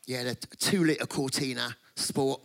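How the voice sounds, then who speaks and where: A middle-aged man with a medium-pitched, creaky voice delivers a sermon a little slowly. He's animated, laughing often as he tells comic stories and acting out the voices of the people in them.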